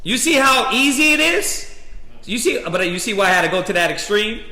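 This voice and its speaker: A man preaching and teaching a scripture class in an animated, preachy way. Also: high voice, moderate pace. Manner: animated, preachy, acts out quotes. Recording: echoey hall.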